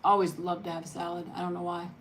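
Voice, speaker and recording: Soft-spoken woman chatting while eating. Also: on the low side, completely flat delivery, fast talker, slight background noise. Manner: chatty, soft-spoken, rambling, laughs often. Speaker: mukbang channel host. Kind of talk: casual eat-and-chat livestream.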